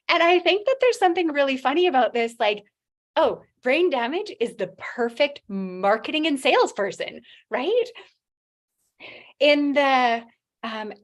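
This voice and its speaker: A woman in middle age speaks English with a non-native accent, pitched a little above the usual. She gives a motivational talk on stage, halting and restarting. She acts out what others said as she tells her story. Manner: halting, with restarts and acted-out quotes.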